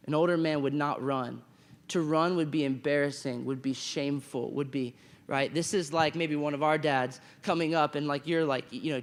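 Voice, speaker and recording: A man preaching a chapel sermon to students, telling a story with animated acted-out quotes and often asking the room "right?". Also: fairly high pitch, in a large hall. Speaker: chapel speaker. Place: school chapel.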